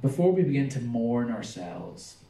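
A man's voice: mid-range voice, big pitch swings, moderate pace, creaky, warm tone. A man preaching a sermon, reading scripture aloud with rising emphasis and talking plainly between passages. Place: small church gathering in a living room. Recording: distant roomy sound, mic far off.

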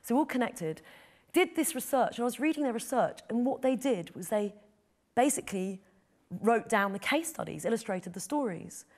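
Middle-aged woman, kinda high voice, earnest and emotional, telling her story in an interview. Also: animated, normal speed, darkish tone. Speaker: photojournalist guest.

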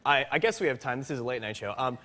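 A man who is an actor, a guest on a late-night talk show, telling an anecdote in a lively, self-mocking way. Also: medium pitch, very fast.

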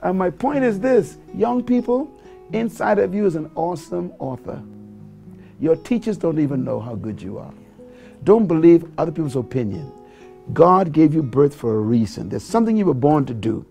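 Gravelly Bahamian man, preacherly storytelling. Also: on the high side, animated, moderate pace, dark tone, faint music behind. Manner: preacherly, builds to emphatic exhortation. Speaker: guest speaker. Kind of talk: storytelling talk-show interview.

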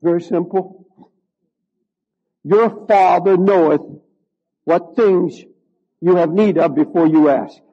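An older male pastor delivers a sermon in a strikingly high voice. He drags out key words slowly and builds to fervent shouts at the climaxes. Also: breathy edge, dull audio. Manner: slow, drawn-out emphasis.

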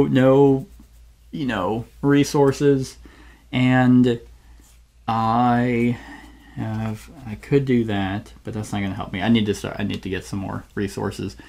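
A man's voice: medium pitch, vocal fry, darkish tone. A man hosting a solo board game playthrough, thinking aloud and often searching for the right word mid-sentence. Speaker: channel host playing a board game solo.

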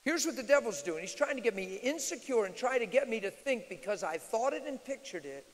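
A male preacher teaching at a live church Q&A, swinging from loud declarations to quiet asides. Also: big pitch swings, brisk. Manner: emphatic, shifts from loud declarations to low asides. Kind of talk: sermon-style Q&A teaching. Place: large church hall, live audience. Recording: reverberant hall.

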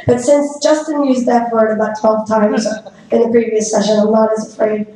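Woman, hoarse and scratchy, fast nervous conference speaker at a podium; very reverberant room with light background hiss. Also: a little high, steady tone, dark tone. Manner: fast talker, nervous, laughs often. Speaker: business owner giving a conference talk. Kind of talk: live conference talk. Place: stage in a large conference hall. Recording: very echoey hall, faint noise.

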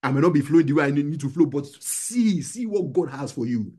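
A man's voice: a little high, animated, fairly quick, darkish tone, breathy edge. A young adult male pastor preaching a sermon to a small gathering, urging and repeating his lines. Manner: exhorting, repetitive preaching with call-and-response.

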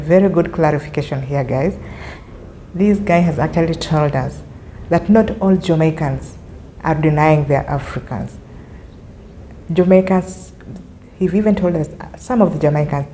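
A woman's voice: low voice, dark tone, a little hiss or hum, rough recording. A woman hosting a reaction video, commenting on a clip and repeating points to clarify them.

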